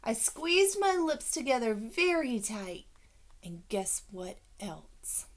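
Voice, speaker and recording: A woman's voice: a little high, very animated, slow pace. A woman narrating a children's audiobook in a playful, childlike first-person voice.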